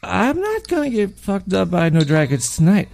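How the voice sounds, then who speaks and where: A man's voice: high-pitched, wildly swooping pitch, normal speed, gravelly, darkish tone. A man hosting a call-in radio show, rambling through a profane, stammering monologue full of paranoid asides.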